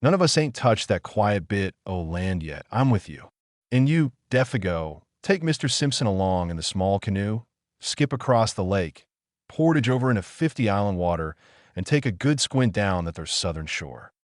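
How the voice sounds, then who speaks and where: A man's voice: on the low side, sing-song, normal speed, dry recording, studio quality. A man voicing a brash, bossy backwoods hunting guide with a nasal, folksy drawl, for an audiobook.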